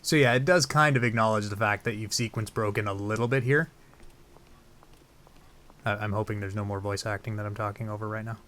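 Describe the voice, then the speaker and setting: A man's voice: fairly low pitch, fairly quick, a bit bright. A man giving casual, rambling gameplay commentary, joking crudely with lots of fillers. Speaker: game let's play host.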